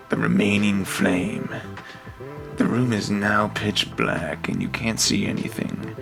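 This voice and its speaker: A man's voice: on the low side, gravelly. A man reading out tabletop game narration, with amused asides. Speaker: player reading a game master's text.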